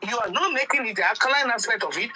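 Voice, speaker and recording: A woman with a Nigerian accent, a panelist in a heated debate, questioning insistently and with deliberate emphasis. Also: on the high side, lively intonation, sharp tone, a little hiss or hum, poor audio.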